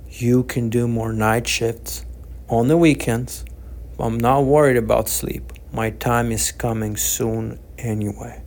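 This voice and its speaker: A gentle, devout old man, as a male narrator voices him, speaking slowly and softly with a gravelly, creaky texture. His tone stays calm and reassuring, each phrase unhurried. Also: mid-range voice, close to an everyday voice.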